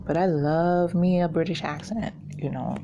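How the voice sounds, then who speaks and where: A woman's voice: low voice, normal speed, noisy background. A woman, hosting a craft channel and telling rambling stories in a casual chat while she works, laughing often. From New York.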